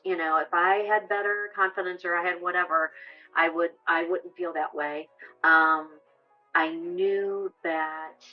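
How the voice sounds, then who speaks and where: Interview with a woman whose voice sits a little low. She talks earnestly and hesitantly, full of fillers and restarts. The sound is slightly dull, with soft music underneath. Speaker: abuse survivor sharing her story. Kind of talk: documentary interview.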